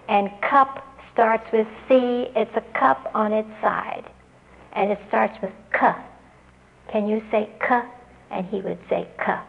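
A woman telling an audience how she taught a student to read. She speaks earnestly and spells out letters and their sounds slowly. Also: medium pitch, gravelly, narrow, tinny audio. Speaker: literacy teacher giving a talk. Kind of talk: storytelling address to an audience.

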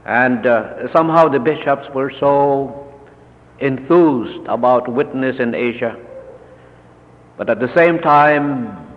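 A man, a Lutheran church leader, slowly recounting a personal story in a measured talk full of pauses. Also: medium pitch. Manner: slow, measured, with many pauses and fillers. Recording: dull, lo-fi recording with long reverb.

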